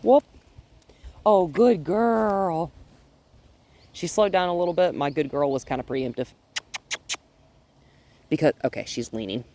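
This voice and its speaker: A man working as a dog trainer outdoors on a driveway, explaining his steps while softly praising the dog. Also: a little high, lively intonation, moderate pace, pauses often. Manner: gentle, coaxing praise to a dog between explanations. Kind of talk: casual training vlog.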